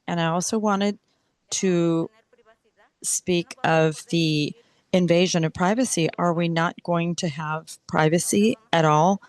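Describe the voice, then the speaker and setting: A woman interpreting public comments at a council meeting into English, speaking in a slow, measured, deliberate way. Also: on the low side, dry recording.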